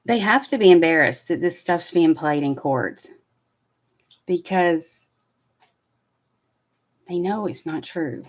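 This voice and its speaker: A woman's voice: fairly low pitch, slow pace, long pauses. A woman hosting a casual commentary, talking in a chatty, drawling way with many fillers. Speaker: commentary host.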